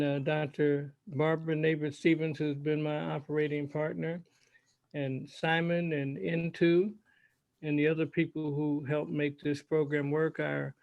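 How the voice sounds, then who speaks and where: A man hosting an online health forum, giving halting closing remarks over a video call and slowly spelling out contact details. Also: on the high side, gravelly, no echo.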